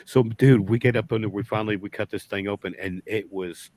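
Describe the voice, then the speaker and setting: A man's voice: on the low side, steady tone, a little fast, a little mellow, no room sound. A man, a beekeeper guest telling a long folksy story in casual chat, rambling and restarting often.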